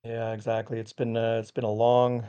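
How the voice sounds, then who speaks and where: Laid-back man with a mellow voice. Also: mid-range voice, completely flat delivery, brisk, clean tone, dull audio. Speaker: guest. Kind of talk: casual chat.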